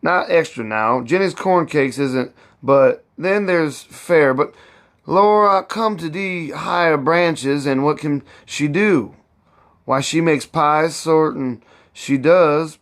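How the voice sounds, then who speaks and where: A proud, fussy old cook who scolds and brags in thick Southern dialect, as a man reading a storybook puts her on. The voice rises well above his own and takes its time, the words drawn out slowly. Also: a little high, fairly bright tone, voice pushed up. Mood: boastful. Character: bossy older woman cook, proud and fussy.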